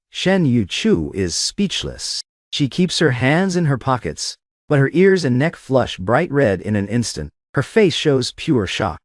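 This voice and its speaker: A man's voice: mid-range voice, no room sound, studio quality. A man narrating a first-person drama story in scripted narration style.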